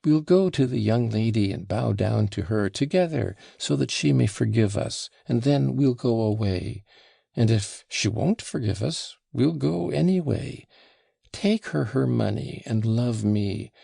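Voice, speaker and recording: A man's voice: medium pitch, animated, unhurried, creaky, mellow, slightly rough, no echo, clean studio sound, full character voice. A man reading an audiobook and voicing an impulsive young woman who pleads and commands by turns, breathless and imploring. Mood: passionate, urgent. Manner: breathless, imploring, swinging between giddy and faint.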